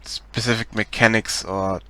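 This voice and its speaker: A man with a German accent chats casually through a live stream of his work. He talks very slowly, with a bright, forceful edge. He pauses often and restarts his sentences as he looks for words. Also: fairly low pitch, little pitch movement, dry recording. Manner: hesitant, many ums and restarts, laughs shyly. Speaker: game developer streaming live.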